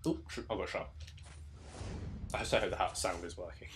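Joking young man, low voice. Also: normal speed, slight background noise. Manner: jokey and rambling, laughs often. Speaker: let's play host. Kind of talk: casual gameplay commentary.

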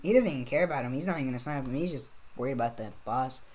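A woman's voice: very deep voice, rapid-fire, darkish tone. A woman giving casual gameplay commentary, laid-back, laughing often and swearing casually. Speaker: gaming channel host.

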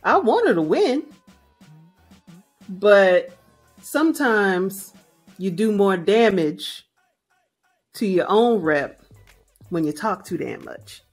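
Blunt, sassy woman with a lively pitch. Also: takes it slowly, long pauses, no room sound, soft background music. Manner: blunt, sassy, emphatic repetition. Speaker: podcast co-host. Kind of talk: casual podcast chat.

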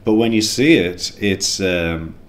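An Irish man with a low voice, talking films in a loose, rambling way. He often trips over his words and restarts his sentences. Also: takes it slowly. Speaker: guest. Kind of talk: casual film discussion.

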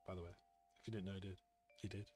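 A man live-streaming as he opens trading card packs, chatting excitedly with his viewers. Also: sits low, rapid-fire, breathy edge, faint music behind. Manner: excitable, chatty, talks to chat. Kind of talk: casual live-stream chat.

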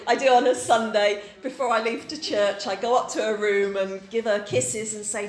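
A woman pastor in her forties from Yorkshire, England, preaches at a moderate pace with hardly any pauses, her slightly high voice fairly even in intonation. Chatty and full of stories, her sermon includes questions for the congregation, recorded in an echoey church room.

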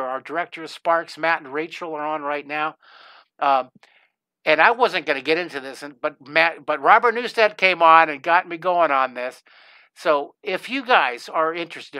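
A middle-aged man hosts a live-streamed drawing lesson, chatting eagerly and rambling as he sketches. His voice is fairly high and bright with an edge of tension. The sound is dry and close, with no room echo. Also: smooth. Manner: enthusiastic, gushing, talks while drawing, many restarts.

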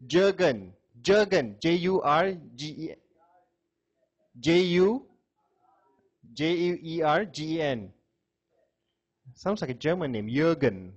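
Slow-talking male lecturer quizzing students. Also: a little high, highs cut off. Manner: chatty, questioning, laughs often. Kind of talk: classroom lecture with audience questions.

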